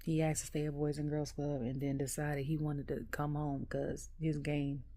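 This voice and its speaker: A woman vlogging a casual wrestling recap at home, an animated storyteller who laughs often. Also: deep voice, normal speed, no echo. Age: adult.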